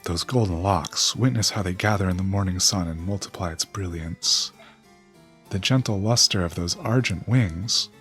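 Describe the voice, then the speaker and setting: A man's voice: sits low, moderate pace, fairly bright tone, faint music behind. A man reading out a vain, fawning male noble from a game. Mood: admiring.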